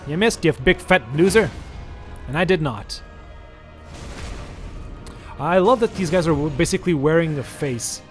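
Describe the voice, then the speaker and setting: A male gaming streamer giving live commentary over a boss fight, chatty and quick to swear or yelp when hit. His voice sits a little high for a man. Faint game music runs underneath. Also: animated. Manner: chatty, swears, yelps at hits.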